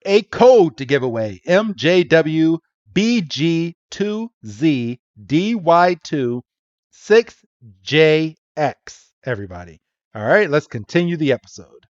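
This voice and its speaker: A man's voice: a little high, big pitch swings, takes it slowly, darkish tone, dry recording, highs cut off. A man co-hosting a podcast, casually recapping a cartoon episode, laughing often and acting out the characters' lines. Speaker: podcast co-host.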